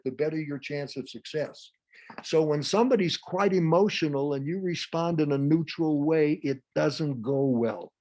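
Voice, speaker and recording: Fast-talking humorous male workshop presenter. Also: on the high side. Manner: fast, lively, humorous delivery; acts out example dialogues with a raised voice. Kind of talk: lecturing a live workshop.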